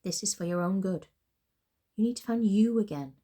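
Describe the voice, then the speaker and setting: A woman's voice: mid-range voice, normal speed, mellow, natural voice. A woman voicing a blunt, caring female friend and boss who pushes hard and talks matter-of-factly. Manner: pushy, insistent, matter-of-fact.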